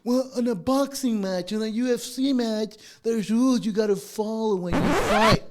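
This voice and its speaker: A man's voice: sits high, very animated, normal speed, a little hiss or hum. A man co-hosting a podcast, ranting heatedly with constant swearing. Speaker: podcast co-host. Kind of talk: casual podcast rant.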